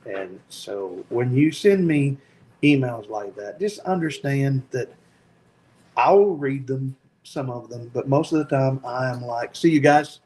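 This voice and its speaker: A man with a Tennessee accent hosting a casual livestream, talking slowly with lots of ums in an easygoing, joking way. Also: mid-range voice, expressive, mellow, poor audio. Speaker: FPV drone channel host.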